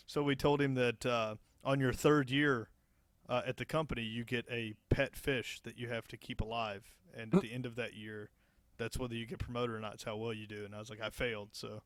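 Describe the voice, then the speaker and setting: A young man on a podcast, easygoing and profane, laughing his way through a story from work. His medium-pitched voice sits close to the mic in a dry, dead room. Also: little pitch movement, fairly quick, no room sound. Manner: laid-back, profane, laughing through anecdotes. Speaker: podcast co-host. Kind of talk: casual storytelling chat.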